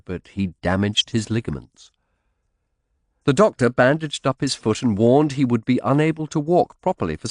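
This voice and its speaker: Deep, expressive male audiobook narrator. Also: dry recording, studio quality. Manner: expressive, dramatic storytelling. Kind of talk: first-person audiobook narration.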